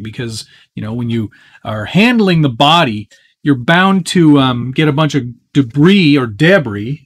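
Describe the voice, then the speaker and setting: A man hosting a live stream, casually chatting and answering viewer questions while working on a model truck with his hands. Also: on the high side. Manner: chatty and easygoing, with frequent fillers and self-interrupting asides. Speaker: host of a live build stream.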